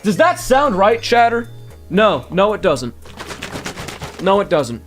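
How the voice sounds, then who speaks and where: A man's voice: high-pitched, slow, soft background music. A man doing live gameplay commentary, grumbling and talking to his chat. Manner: animated, grumbling, talks to chat. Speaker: game streamer.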